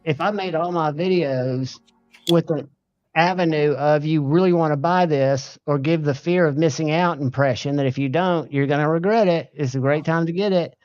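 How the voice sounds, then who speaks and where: Brisk man hosting a casual stream. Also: a little high, darkish tone, lo-fi sound, soft background music. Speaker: host running a giveaway. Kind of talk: casual livestream chat.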